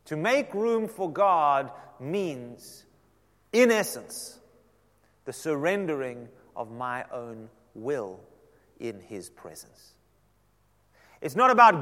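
A man's voice: fairly high pitch, sing-song, slow. Preaching man in a reverberant church. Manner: preaching with dramatic swings from loud emphasis to soft near-whisper. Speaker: pastor. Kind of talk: sermon. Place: church sanctuary. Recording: long hall reverb.

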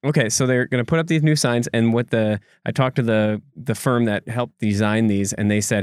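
A man's voice: medium pitch, steady tone, normal speed, hardly any pauses, clear, resonant tone, no room sound, studio quality. A man co-hosting a podcast, explaining a local story in a loose conversational way with asides and restarts. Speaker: podcast co-host reporting. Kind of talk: casual podcast chat.

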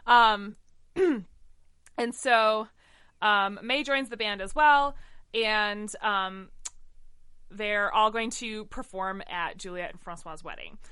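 A chatty woman with a bright, crisp voice talks through a show she loves, full of fillers and asides. Her voice sits a touch high and sounds dry and close. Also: slow pace, pauses often, no room sound. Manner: chatty, enthusiastic, lots of fillers. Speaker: podcast co-host. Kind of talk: casual chat recapping a musical.

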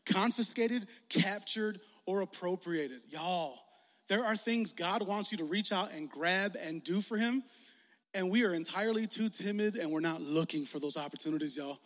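High-voiced youth pastor in a reverberant hall. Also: male voice, moderate pace. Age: 40s. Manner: lively, joking, rising to shouts. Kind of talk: energetic youth sermon.

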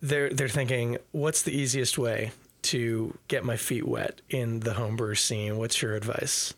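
A man hosting a podcast in casual chat, relaxed and hesitant, with many fillers. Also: medium pitch, unhurried. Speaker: podcast host.

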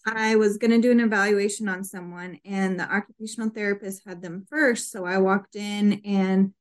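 A woman's voice: mid-range voice, steady tone, normal speed. A woman physical therapist telling an embarrassing work story in a plain, self-mocking way. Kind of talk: casual chat, storytelling.

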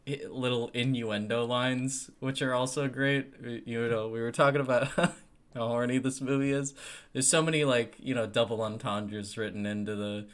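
Podcast co-host, man, mid-pitched, easygoing, excitable film chat. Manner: excitable, laughs into lines.

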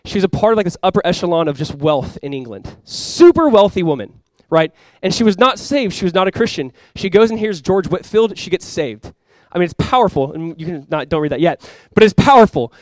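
A young man preaching a sermon to his church in a casual, conversational way, with sudden loud bursts and quiet asides. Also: sits high, animated, fairly quick, hardly any pauses, no echo. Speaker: pastor.

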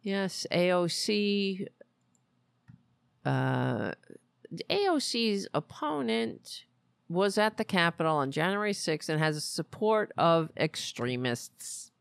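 A woman's voice: lowish voice, sing-song, slow, vocal fry, smooth, no echo. A woman hosting a political commentary podcast, talking in a sarcastic, mocking way. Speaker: podcast host.

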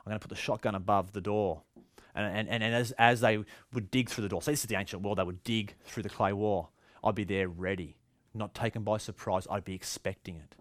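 A man's voice: on the low side, steady tone, fairly quick, dry recording. A male pastor with an Australian accent, giving a sermon in a conversational, storytelling way with frequent restarts.

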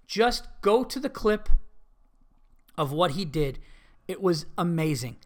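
A man's voice: high voice, moderate pace. A man hosting a comedy podcast, ranting emphatically with heavy profanity. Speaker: podcast host.

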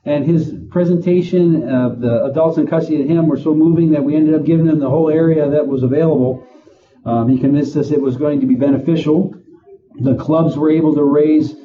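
Halting man on a phone line. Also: a little high, steady tone, a crowd in the background. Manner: slow, halting, with many fillers. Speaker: prison administrator. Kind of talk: interview answers, storytelling.

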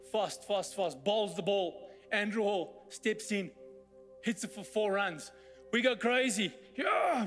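A man pastor preaches with a high, animated voice, telling stories that climb to exclamations. His sermon rings through a church hall with a long reverb tail. Soft music sits faintly beneath him. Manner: animated storyteller, building to exclamations. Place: church hall during a service.

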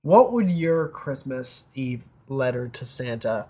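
A woman's voice: extremely low pitch, animated, slow pace, mellow, slightly rough. A woman co-hosting a podcast in casual chat, teasing and laughing often. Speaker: podcast co-host.

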